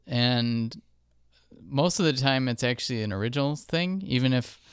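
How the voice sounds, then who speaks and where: A man's voice: medium pitch, moderate pace, clean tone, no echo. A man who composes film music, talking casually and thinking aloud with fillers. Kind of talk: casual podcast chat.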